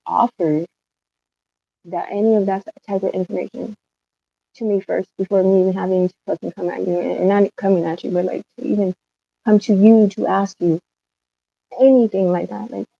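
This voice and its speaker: A woman's voice: mid-range voice, steady tone, normal speed, gravelly, no echo. A woman livestreaming an emotional rant, upset and rambling, swearing often. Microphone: phone livestream. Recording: slightly dull lo-fi stream audio.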